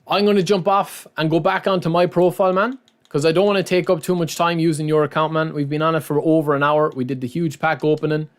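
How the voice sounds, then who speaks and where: A man's voice: fairly high pitch, fairly even intonation, quick pace. A man live-streaming, chatting casually to his viewers and often calling them lads and man.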